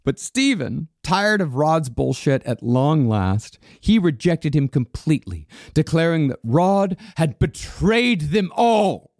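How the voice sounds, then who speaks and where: A man's voice: a little high, takes it slowly, few pauses, dry recording, clean studio sound. A man co-hosting a podcast, telling a story in a casual, profane way and laughing often. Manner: animated, swears freely, laughs often. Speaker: podcast co-host narrating a story.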